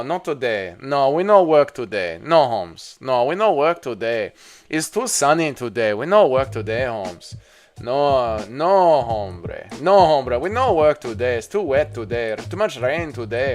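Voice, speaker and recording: A man's voice: medium pitch, sing-song, measured pace, pitched below the performer's own voice. A man putting on a Mexican accent to play a man who keeps making excuses not to work, speaking in broken English. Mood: stubborn. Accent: put-on Mexican accent.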